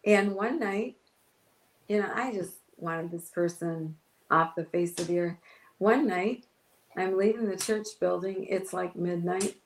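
A woman's voice: on the low side, slow pace, pauses often, roomy sound, low-quality recording. A woman pastor telling an emotional personal story in an interview, acting out her own past words. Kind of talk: testimony in an interview.

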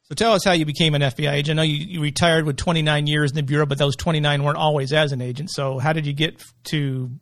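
Middle-aged man, podcast host, quick pace, gravelly fry, joking and rambling, dry close sound. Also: on the high side, steady tone, fairly bright tone, no echo. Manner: joking, rambling with many restarts. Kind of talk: casual interview.

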